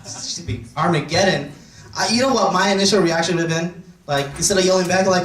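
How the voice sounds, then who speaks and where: A male host with a high, lively voice that swings up and down, giggling as he riffs. He sounds distant in a roomy club, with the crowd behind him. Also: unhurried, pauses often. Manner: giggly and excitable. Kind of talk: casual banter after a set. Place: comedy club stage. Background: audience.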